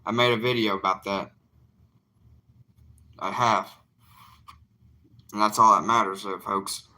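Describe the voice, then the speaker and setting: Bright-toned evangelist, plainspoken. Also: male voice, on the low side, fairly even intonation, measured pace. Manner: earnest, plainspoken, defiant. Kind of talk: casual livestream talk to viewers.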